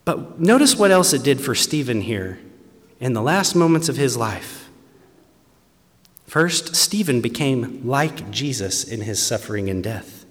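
A man preaching a sermon with earnest conviction, dropping to hushed tones and then rising to emphatic, raised passages. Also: mid-range voice, animated, a little slow. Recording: long reverb from a large hall.

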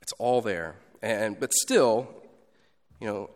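A pastor giving a sermon in a conversational style, moving between loud emphasis and quiet asides. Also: male voice, lowish voice, takes it slowly, big-room sound.

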